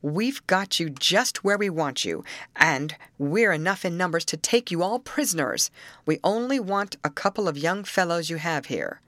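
A man's voice: a little high, animated, moderate pace, a bit bright, no echo. A woman reader voicing a stern, commanding man who leads a rescue party, firm and grim.

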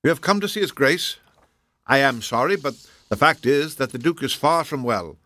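A man's voice: medium pitch, lively intonation, moderate pace, sharp tone, voice pushed up. A man voicing a demure, nervous male secretary in an audiobook, politely anxious. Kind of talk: audiobook character voice.

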